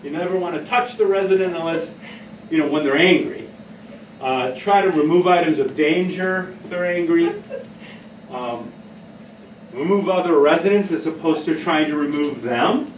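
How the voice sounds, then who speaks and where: A man with a fairly high voice runs a training workshop, telling stories in a casual, self-mocking way. He is picked up from across an echoey room. A faint hum of room noise sits behind him. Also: normal speed. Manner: casual, anecdotal, laughs at own stories. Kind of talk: workshop talk. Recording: echoey room, heard from a distance.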